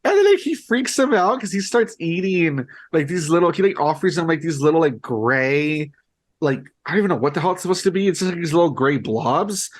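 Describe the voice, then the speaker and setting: Male podcast co-host, slightly high voice, rambling filler-packed chat. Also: expressive, brisk. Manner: rambling, filler-heavy retelling. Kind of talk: casual chat.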